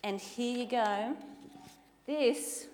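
A woman telling a Bible story to children in a lively, playful way, acting out the characters. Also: on the high side, very slow. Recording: reverberant hall with faint ambient noise.

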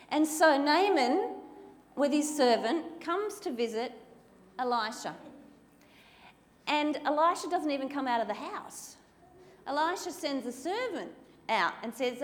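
A woman telling a Bible story to children in a lively, playful way, acting out the characters. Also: high voice, measured pace. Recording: reverberant hall with faint ambient noise.

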